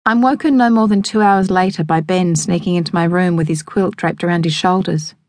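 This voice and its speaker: Woman, audiobook narrator, lowish voice, close dry studio sound, measured. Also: a little mellow, no room sound. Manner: measured, evocative storytelling. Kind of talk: scripted first-person narration. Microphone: close studio microphone.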